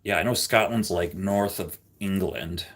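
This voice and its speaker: A man's voice: low-pitched, measured pace. New guy hosting a stream, rambly casual chat, gets ranty. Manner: chatty, rambling, ranting. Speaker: livestream host. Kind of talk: casual chat reading live comments.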